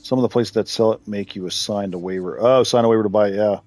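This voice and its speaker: A man's voice: lowish voice, steady tone, fast, a little mellow, soft background music. A man hosting a live game stream, chatting casually with viewers, rambling and laughing often as he reacts to their messages. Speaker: live-stream gamer host.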